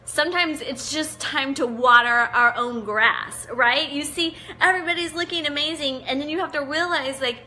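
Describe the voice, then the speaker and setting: Bright high-voiced woman hosting live chat. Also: normal speed, few pauses, a little hiss or hum. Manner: warm encouraging, chatty, greets viewers by name. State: teary-eyed. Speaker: online show host. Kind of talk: live devotional chat reading viewer comments.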